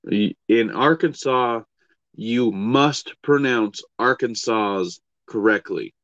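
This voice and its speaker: A man's voice: medium pitch, slow, a bit bright, no room sound, muffled recording. A man co-hosting a podcast in casual chat, blunt and profane, hedging often. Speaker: podcast co-host.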